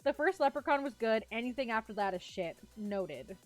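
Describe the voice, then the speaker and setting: Casting note: high-pitched young woman, giggly vtuber storyteller, faint music under her. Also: moderate pace, no echo. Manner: giggly, animated, rambling storyteller. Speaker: vtuber streamer. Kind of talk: casual chat with live chat, telling a story.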